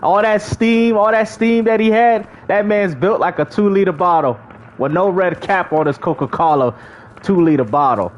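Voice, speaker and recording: A man's voice: sits high, moderate pace, a little hiss or hum. A man streaming live, casually bantering and mocking rival gamers, laughing often as he talks. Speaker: gaming streamer.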